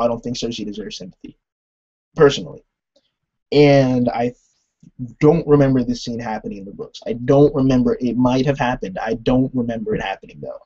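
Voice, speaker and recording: Young male reviewer, husky and animated, talks loosely on a muffled home recording. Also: medium pitch. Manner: rambling, animated, laughs often, lots of "like". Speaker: TV episode reviewer. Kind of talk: casual recap and commentary.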